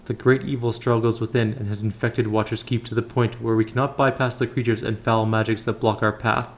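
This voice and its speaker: A man's voice: fairly low pitch, little pitch movement, fairly quick, natural voice. A man voicing a solemn middle-aged holy knight, reading formal, old-fashioned lines aloud in his everyday voice. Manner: formal, archaic phrasing read aloud.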